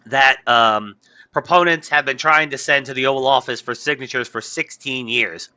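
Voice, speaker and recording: A man co-hosting a casual political podcast, blunt and excitable, who reads out news items and gets worked up when arguing. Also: mid-range voice, normal speed. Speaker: podcast co-host.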